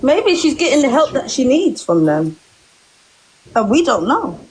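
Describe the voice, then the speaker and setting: A woman's voice: high voice, very animated, a little slow, a little hiss or hum, rough recording. Earnest woman explaining her view. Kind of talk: casual chat.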